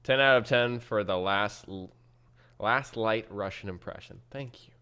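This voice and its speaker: A man's voice: fairly low pitch, unhurried, pushed and bright, clean tone. A man giving casual let's-play commentary while he plays, chatty and self-mocking, thinking aloud. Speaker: gameplay commentator.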